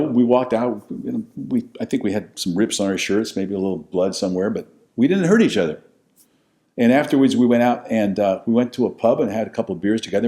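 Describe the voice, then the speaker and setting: Blunt older man with a lively voice. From United States. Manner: animated, blunt, profane, swings from loud to low. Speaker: podcast host telling his life story. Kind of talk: casual storytelling monologue.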